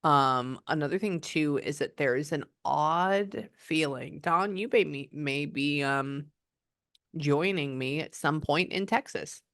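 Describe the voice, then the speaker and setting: A woman's voice: low voice, takes it slowly, fairly bright tone, dry recording, studio quality. A woman psychic medium giving a client reading, chatting and often quoting the spirit's messages.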